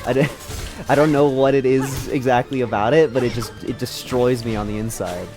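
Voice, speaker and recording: A man streaming a game live, swearing and yelling in frustration, mocking himself and laughing often. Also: mid-range voice, fairly even intonation, moderate pace, over music. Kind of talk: live gameplay commentary.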